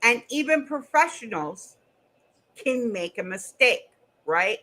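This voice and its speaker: Woman, middle-aged, high bright voice, slow unhurried delivery, blunt, goofy, casual livestream chat. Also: lively intonation, rough recording. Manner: blunt, goofy, swears freely. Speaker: streamer and co-host.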